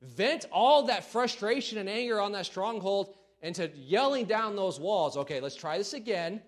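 A man preaching a sermon in a church, folksy and self-deprecating, then building to loud calls to the congregation. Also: sits high, animated, normal speed. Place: church sanctuary.

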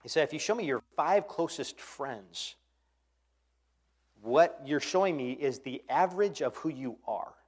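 Man preaching, passionate sermon, slightly high voice, dips soft then rises loud. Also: lively intonation, unhurried, husky. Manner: impassioned, swings from soft to loud. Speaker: pastor.

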